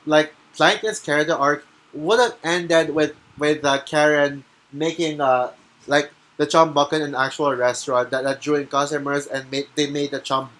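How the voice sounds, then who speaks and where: A man's voice: on the high side, fairly bright tone. Rambling man ranting through a review. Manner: rambling, many restarts and fillers; heated and ranting at times. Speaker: movie reviewer. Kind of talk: casual spoken film review.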